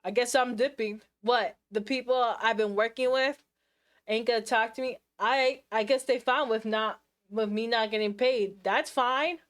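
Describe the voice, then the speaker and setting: A woman talking casually to her live stream chat at her desk mic. She is sassy and full of slang, and she keeps breaking into quick asides and restarting her sentences. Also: on the high side, fairly even intonation.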